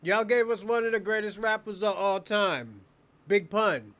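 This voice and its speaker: A man with a noticeably high speaking voice co-hosts a livestream in loose, casual chat. He rambles, swears freely and keeps restarting his sentences. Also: measured pace, fairly bright tone. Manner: rambling, profane, restarts a lot.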